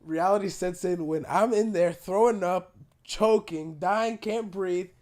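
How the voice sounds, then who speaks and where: A man on a podcast tells a story in a loose, animated way, swearing as he goes. His throat is sore, and his voice sits a little high for a man. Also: a little slow. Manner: animated storyteller, swears freely, laughs through the telling. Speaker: podcast host. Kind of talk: casual chat.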